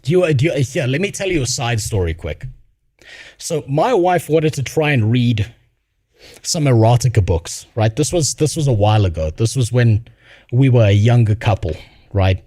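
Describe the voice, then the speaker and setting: Brief: young male streamer, blunt profane rant, dry close sound, mid pitch. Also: expressive, normal speed, mellow, dry recording. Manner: blunt, swears a lot, laughs while telling stories. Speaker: streamer reacting to a video.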